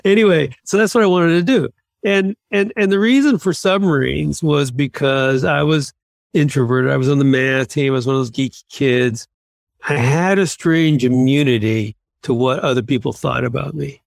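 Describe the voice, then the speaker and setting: A man in his sixties from Massachusetts, a guest on an interview podcast, telling lively self-deprecating anecdotes. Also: mid-range voice, normal speed, vocal fry, no room sound, clean studio sound. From Massachusetts, USA. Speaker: podcast guest, former submarine commander. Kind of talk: conversational interview storytelling.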